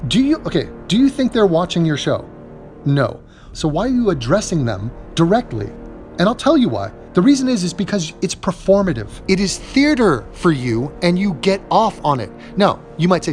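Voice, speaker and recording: A man's voice: high voice, big pitch swings, normal speed, soft background music. A man giving a sarcastic, profane reaction commentary, recorded on a phone while in bed at home. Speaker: online commentator.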